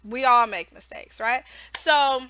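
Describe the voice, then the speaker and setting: A woman's voice: on the high side, slow pace, pushed and bright, clean tone, no echo. A woman who teaches English online, giving casual how-to tips in a chatty way, often checking in with "right?" and laughing.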